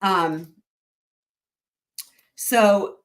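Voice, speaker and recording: A woman hosting a live-stream recap, chatting excitedly and rambling with lots of restarts. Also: medium pitch, drawn-out words. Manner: addresses viewers directly as y'all. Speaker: YouTube trial-recap host. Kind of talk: live-stream chat with viewers.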